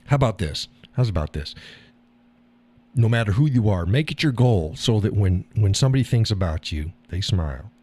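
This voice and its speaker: Middle-aged man, low voice with lively swings, blunt and profane, laughs a lot, casual stream monologue. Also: normal speed, breathy edge. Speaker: live stream host. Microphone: audio call or stream mic.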